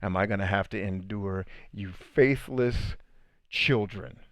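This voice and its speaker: A man's voice: lowish voice, a bit bright, no room sound. A man voicing an exasperated, sarcastic Jesus in a comic skit, drawing out the words. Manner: sarcastic, mocking, drawn-out. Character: exasperated Jesus, grown man, fed up with followers.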